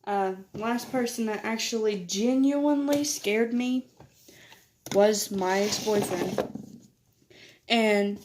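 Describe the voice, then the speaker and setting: A teenage girl chats casually in a vlog while doing her makeup, telling stories, laughing often, and quoting other people in a higher voice. She speaks slowly in a slightly mellow tone, with a little hiss or hum on the recording.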